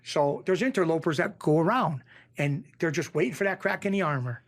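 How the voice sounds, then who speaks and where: A middle-aged man with a Western Massachusetts accent, speaking in a fairly high voice. He tells stories in a casual interview and acts out the people in them by raising his voice. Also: brisk. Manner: animated, acts out quoted voices in a raised pitch. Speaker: interview guest, former bookmaker.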